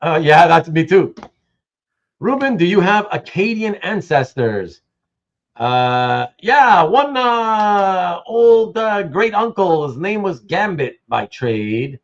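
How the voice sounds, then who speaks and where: A Canadian man hosts a casual live stream with a lively, swooping voice that sits a bit high. He tells stories in an animated way and restarts his words often. The audio is dull and lo-fi. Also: takes it slowly. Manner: animated storyteller, many restarts. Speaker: host. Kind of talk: casual livestream chat.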